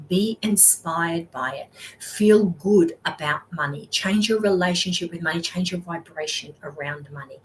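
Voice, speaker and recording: Encouraging woman coach, low-pitched voice. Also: a little hiss or hum, poor audio. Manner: encouraging, repeats "okay?" and "all right?". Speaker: wealth mindset coach and host. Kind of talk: live motivational talk.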